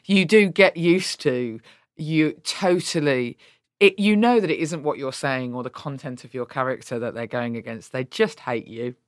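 A woman's voice: very deep voice, moderate pace, no echo, studio quality. Blunt, candid woman. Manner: blunt, animated, swears freely. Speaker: interview guest, politician and author. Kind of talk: candid conversational interview.

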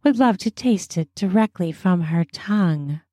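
A woman narrating a story in a slow, soft, intimate way. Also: on the low side, expressive, dry recording, clean studio sound. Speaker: storyteller and host.

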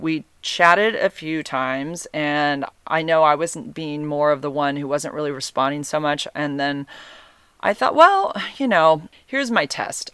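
Candid, rambling vlogger with a smooth voice. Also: medium pitch, fairly bright tone, dry recording. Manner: rambling, self-correcting, candid and emotional. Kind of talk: casual storytelling to camera.

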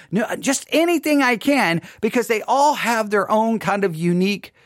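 Podcast host, playful joker who loops on words; very animated pitch, dry studio read. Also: no room sound. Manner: playful, jokey, repeats itself a lot. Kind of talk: casual solo podcast monologue.

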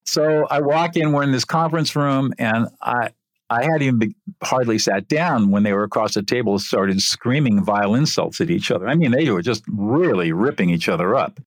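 An older man, an interview guest, telling a story from his work in an earnest, animated way. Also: on the low side, dry recording, studio quality.

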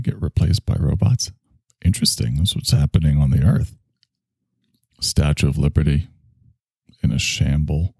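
A man's voice: a bass voice, vocal fry, warm tone, husky, no room sound. A man in his sixties who hosts a show, rambling through a crude, joking solo monologue that keeps trailing off.

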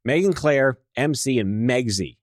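Male host, playful and chatty; animated delivery, dry studio mic. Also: mid-range voice, measured pace, no room sound. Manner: joking, teasing, chatty. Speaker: podcast host. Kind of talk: casual interview chat.

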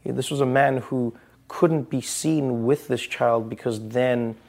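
Man, 30s, interviewee, gravelly, thoughtful. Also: mid-range voice, steady tone, takes it slowly, darkish tone. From South Africa. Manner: thoughtful, candid, with small restarts. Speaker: interviewee, comedian. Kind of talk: reflective interview.

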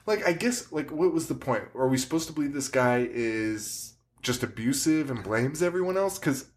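A man's voice: medium pitch, lively intonation, normal speed. A man co-hosting a horror movie podcast, retelling scenes animatedly with frequent laughter. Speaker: podcast co-host. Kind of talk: casual movie chat.

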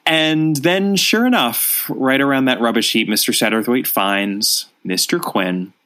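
A man co-hosting a book podcast, recapping a story and reading passages aloud with animated, swooping emphasis. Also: mid-range voice, measured pace. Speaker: podcast co-host.

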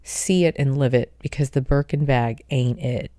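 Woman host, mellow voice, dry close sound, reflective motivational talker. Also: very deep voice, moderate pace, no room sound. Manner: reflective, earnest, self-help tone. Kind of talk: motivational monologue.

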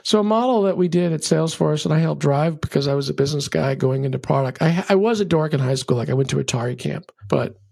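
A middle-aged man, a podcast guest, giving animated conversational advice with lots of ums and a rambling, energetic way of storytelling. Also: a little high, fast, gravelly, few pauses, husky, no room sound, studio quality. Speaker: podcast guest, venture capitalist.

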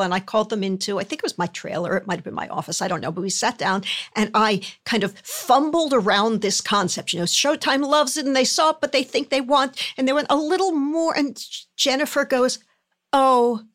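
Woman, guest, casual chat, storytelling, thoughtful, halting. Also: fairly high pitch, a bit bright. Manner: thoughtful, halting, restarts phrases. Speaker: guest, series creator.

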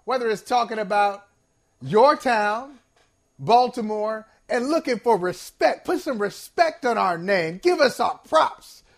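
A man's voice: sits high, animated, a little slow, creaky. A man hosting a sports talk show, talking in a discursive, emphatic way with playful asides. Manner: sincere and playful, laughs at himself.

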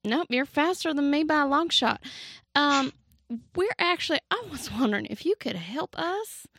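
A woman's voice: high-pitched, animated, normal speed, a bit bright, no echo, clean studio sound. A woman playing a tabletop game in character, friendly and polite, a bit hesitant. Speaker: player.

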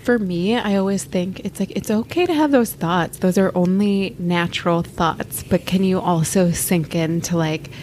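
Spokojna kobieta, podcastowa rozmowa. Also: female voice, fairly low pitch, moderate pace, few pauses, a little hiss or hum. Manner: calm, reflective, candid. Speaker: podcast co-host. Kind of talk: casual podcast chat.

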